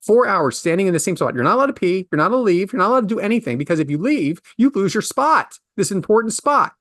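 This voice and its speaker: A man in his forties tells a story in a ranting, exasperated way, his pitch leaping from low mutters to high outbursts. The sound is close and dry, with no room around it. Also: big pitch swings, fast talker, a bit bright, no echo. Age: 40s. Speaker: podcast host. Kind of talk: casual storytelling.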